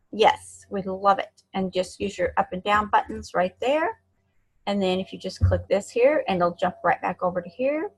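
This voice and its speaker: A woman giving a screen-share software tutorial in a chatty, encouraging way, talking to herself as she clicks. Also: medium pitch, slightly rough, poor audio. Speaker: online marketing instructor.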